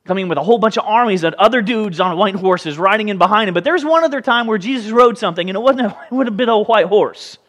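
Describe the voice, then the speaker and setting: A man preaching a sermon as pastor, lively, often acting out the voices of people in the story. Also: high voice, quick pace, few pauses. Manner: animated, acts out voices in the story. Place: church sanctuary. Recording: hall reverb.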